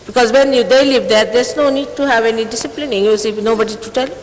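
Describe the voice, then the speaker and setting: A woman's voice: on the high side, fast, slight background noise. Stern woman in her sixties scolding. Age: 60s. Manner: stern, reproachful, emphatic rhetorical questions. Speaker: spiritual teacher. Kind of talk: scolding address to followers. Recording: echoey hall with long reverb, faint ambience, 1980s archive tape.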